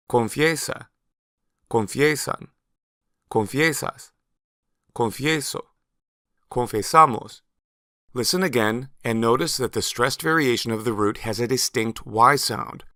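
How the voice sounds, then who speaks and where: Bright-voiced man narrating a lesson. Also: medium pitch, no room sound, studio quality. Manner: slow, careful, stresses syllables when modelling words. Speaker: Spanish teacher.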